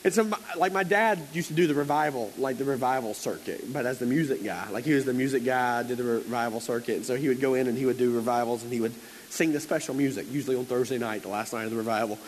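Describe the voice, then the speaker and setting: A man's voice: medium pitch, fast, a little hiss or hum, low-quality recording. A man preaching a conversational sermon, telling stories in a chatty, playful way with lots of fillers and acted-out quotes.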